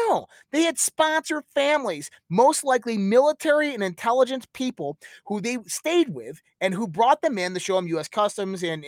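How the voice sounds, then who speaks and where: High-voiced man lecturing emphatically. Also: no room sound. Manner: emphatic, lecturing, uses rhetorical questions; rambling, piles up lists. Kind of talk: conspiratorial monologue.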